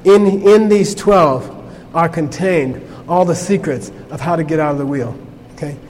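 A man with a somewhat high voice teaches a class in a loose, conversational way, often pausing to check in with his listeners. The room has long reverb and a faint hum of ambience behind him. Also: a little mellow. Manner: conversational, peppered with "okay?" checks. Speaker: Buddhist teacher. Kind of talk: informal class lecture.

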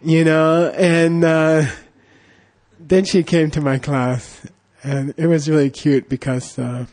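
A man's voice: on the high side, little pitch movement, slow pace, darkish tone. A middle-aged man giving a casual Buddhist teaching, rambling through anecdotes with constant "you know" and "okay?" check-ins. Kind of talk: casual dharma talk with anecdotes.

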